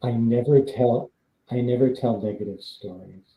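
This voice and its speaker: A mellow, mid-range man's voice moves at normal speed as a former stunt double rambles through casual anecdotes, full of fillers and laughs between lines. This live-stream storytelling comes through a rough recording in an echoey room.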